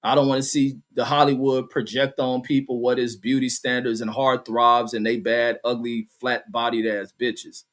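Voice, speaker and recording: A man's voice: mid-range voice, flat delivery, normal speed, few pauses, fairly bright tone. A man hosting a vlog who tells stories and reads out chat in a rambling, blunt way, with heavy swearing. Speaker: vlogger host reading chat. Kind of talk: casual profane storytelling rant.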